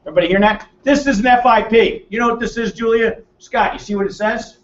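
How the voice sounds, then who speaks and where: A man's voice: very high voice, quick pace, a little hiss or hum. An American man giving a seminar to a live audience, brash and joking, quizzing people in the room and teasing them. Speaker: seminar presenter. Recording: roomy, distant, dull room mic.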